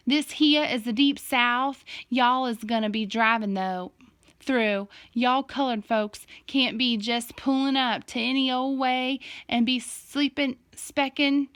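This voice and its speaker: A woman voicing a father who puts on a slow, teasing Southern drawl in a storybook reading. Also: on the high side, fairly even intonation, fairly bright tone, clean tone, no room sound, clean studio sound, voice pushed up. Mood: joking drawl.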